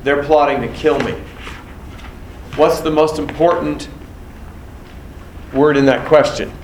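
A man's voice: on the high side, steady tone, slow pace, darkish tone. Echoey lecturing man, quizzing students. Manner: quizzing students, acting out exam scenarios. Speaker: nursing exam instructor. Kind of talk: classroom lecture.

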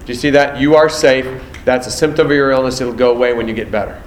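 A man's voice: mid-range voice, fast, roomy sound, a little hiss or hum, low-quality recording. A man teaching a nursing exam prep class, quizzing students and acting out exam scenarios. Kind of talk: classroom lecture.

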